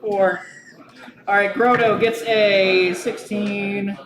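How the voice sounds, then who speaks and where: Here the game master's voice sits high, but he speaks slowly and flatly while running the live tabletop show at a brewery, still cracking jokes and laughing. A crowd fills the background of this spacious live-venue recording.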